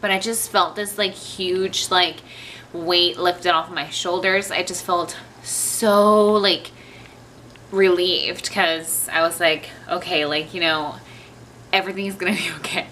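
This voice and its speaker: A young woman sits at home talking to her camera, telling a long personal story in a loose, rambling way full of fillers and asides. Her voice sits a little low but has a bright, forceful edge. Faint room ambience hums behind her. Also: fairly even intonation, slow, slight background noise. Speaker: vlogger.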